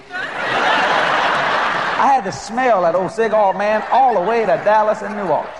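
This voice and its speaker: A male preacher telling a story during a sermon, animated and often laughing as he goes. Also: sits high, moderate pace, pauses often, noisy background.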